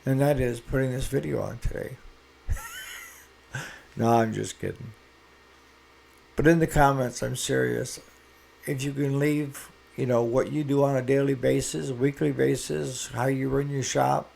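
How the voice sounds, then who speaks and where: A man's voice: mid-range voice, fairly even intonation, moderate pace, vocal fry, darkish tone. A man who owns a small engine repair shop, talking casually to camera and giving earnest, folksy advice.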